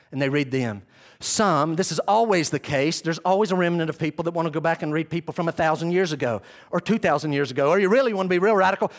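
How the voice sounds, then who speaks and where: Man, high-pitched voice, pastor preaching, lively, acts out quotes. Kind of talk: sermon.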